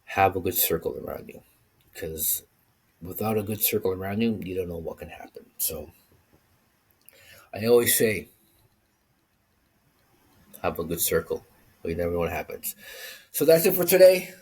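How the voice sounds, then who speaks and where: A man vlogging, telling a personal story in a casual, animated way and acting out the voices he quotes. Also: deep voice, moderate pace, pauses often, husky.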